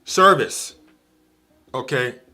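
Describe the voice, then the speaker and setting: A man's voice: medium pitch, extremely slow, sharp tone, faint music behind. A man giving an informal livestream sermon, emphatic and repeating his key phrases. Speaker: preacher on a livestream.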